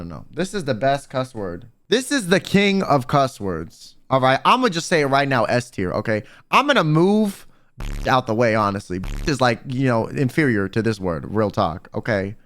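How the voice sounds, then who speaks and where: A young man streaming as a vtuber, joking and rambling to his chat in a casual comedic monologue. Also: medium pitch. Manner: animated, rambling, talks to chat.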